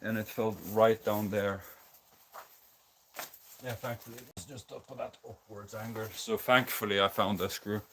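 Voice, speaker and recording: A tired Scandinavian-accented streamer rambles casually while building a guitar live, full of ums and restarts. His voice is lowish, a bit bright and steady in tone, at a moderate pace. The basic non-professional mic picks up slight background noise.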